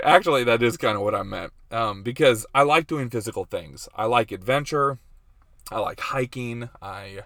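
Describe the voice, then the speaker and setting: A man's voice: on the low side, fairly bright tone, no echo. A man in his thirties hosting a casual faith and life vlog, chatty and self-deprecating, laughing often. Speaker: host.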